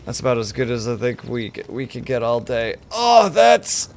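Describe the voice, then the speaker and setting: Male streamer, gravelly, lively and swooping delivery, casual chat with viewers over gameplay. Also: mid-range voice, moderate pace. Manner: chatty, jumps between game and chat replies.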